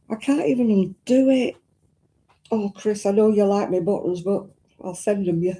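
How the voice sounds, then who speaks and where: A woman chats casually through a crafting live stream, greeting viewers and fussing aloud as she works. Her voice is deeply mellow and warm, and her talk is homely and full of exclamations. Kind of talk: casual live-stream chat while crocheting.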